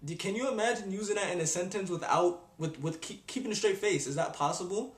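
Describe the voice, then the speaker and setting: A young man ranting on his video blog in an exasperated, animated way. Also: high voice, fast, hardly any pauses. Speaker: vlogger. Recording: echoey room.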